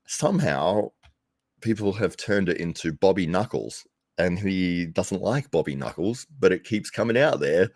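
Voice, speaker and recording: A low-voiced Australian man with lively intonation and a darkish tone chats at normal speed on his live commentary stream. Using a desk microphone and no headphones, recorded with no room sound at studio quality, he rambles to viewers, often laughing and restarting his sentences.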